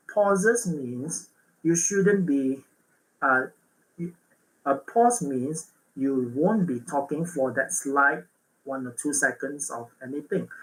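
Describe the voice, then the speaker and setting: A man presenting a public speaking workshop, pausing on fillers, correcting himself and checking in with "right?". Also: a little high, rough recording. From Malaysia.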